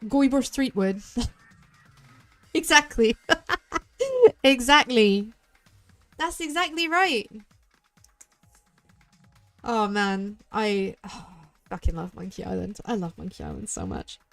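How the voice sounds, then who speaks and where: A woman's voice: mid-range voice, creaky, a bit bright, soft background music. A woman from southwest England with a West Country accent, rambling through chatty let's play commentary as a VTuber streamer. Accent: West Country English. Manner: rambling, chatty, quick tangents.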